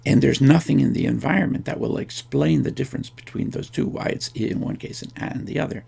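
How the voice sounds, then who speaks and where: A man's voice: medium pitch, brisk, gravelly, few pauses, a little mellow, husky. A man giving a recorded linguistics lecture, thinking aloud with frequent restarts and fillers.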